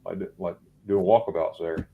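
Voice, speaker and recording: A man's voice: low-pitched, steady tone, moderate pace, gravelly, narrow, tinny audio, a little hiss or hum. A man hosting a casual late-night live chat, rambling and repeating words as he talks, tired after staying up all night. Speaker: host.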